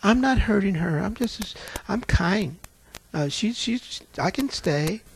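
A man's voice: very high-pitched, steady tone, moderate pace, vocal fry, voice pushed up, heavily acted. A man doing a sly, sweet-voiced demon. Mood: sweet demure. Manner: soft and demure, then shouting. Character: sly demon spirit, sweet then defiant.

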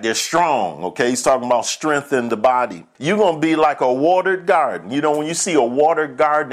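A man of middle pitch preaching to his congregation. He tells homespun stories in a conversational way and chuckles as he goes. He slows right down to read scripture with weight. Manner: conversational preaching, slow deliberate scripture reading. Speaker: pastor. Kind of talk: sermon.

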